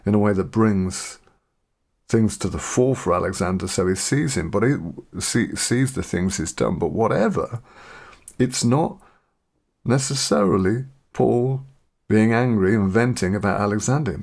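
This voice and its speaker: Male podcast host and Bible teacher, low and gravelly, reads scripture slowly, then reflects aloud. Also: darkish tone.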